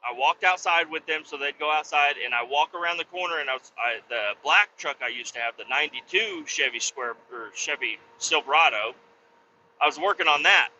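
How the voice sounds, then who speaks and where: A man's voice: a little high, a little fast, bright, forceful tone, lo-fi sound, slight background noise. A man hosting a podcast, telling a story in casual, profane, laid-back talk while driving a car. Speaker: podcast host.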